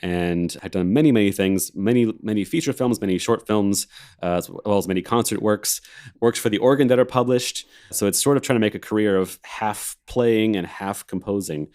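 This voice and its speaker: A laid-back American man in his thirties with a very low, deep voice, from Alabama. He rambles through his story in a casual chat over a video call and laughs easily. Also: moderate pace, darkish tone. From Alabama, USA. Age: 30s. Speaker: organist and film composer, co-host.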